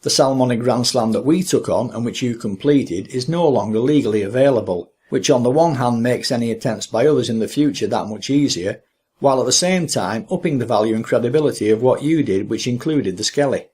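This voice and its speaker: Husky-voiced male interviewer. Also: mid-range voice, lively intonation, brisk, darkish tone. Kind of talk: measured interview questions.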